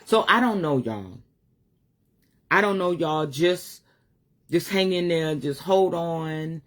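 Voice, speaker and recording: A woman's voice: lowish voice, animated, takes it slowly. A middle-aged woman giving a candid, emotional live-stream monologue as a spiritual advisor, swearing casually.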